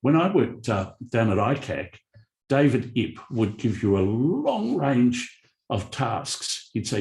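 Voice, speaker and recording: A middle-aged Australian man speaking bluntly as a guest on a live panel, telling animated stories. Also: mid-range voice, slow pace, creaky. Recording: echoey event room.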